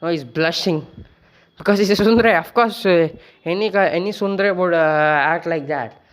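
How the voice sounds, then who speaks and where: A man's voice: on the high side, moderate pace. A man casually retelling a fan story, rambling with many fillers and self-corrections.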